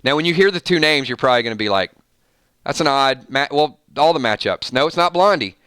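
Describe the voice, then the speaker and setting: Bright, crisp-voiced man hosting a stream. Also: mid-range voice, a little fast, dry recording, studio quality. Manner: playful, animated, reading out votes. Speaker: host. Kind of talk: live-stream music matchup chat.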